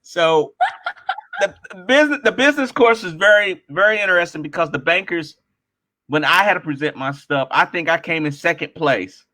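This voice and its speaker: A man telling stories as an interview guest, animated and acting out the lines of other people. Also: a little high, fairly quick. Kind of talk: casual storytelling.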